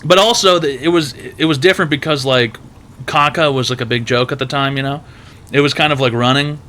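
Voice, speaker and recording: Man, stream host, casual storytelling, rambling, profane, bright forceful voice. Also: medium pitch, brisk, slight background noise. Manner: rambling, profane, heavy filler words.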